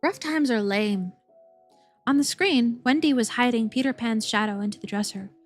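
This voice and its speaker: A woman's voice: on the high side, normal speed, faint music behind. A woman streamer reading a game's story aloud, playful and giggly, swearing when startled.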